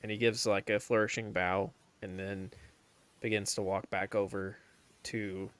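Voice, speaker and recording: A man playing a bard in a tabletop game, speaking in character in a slow, measured way. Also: lowish voice, little pitch movement, fairly bright tone. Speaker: player.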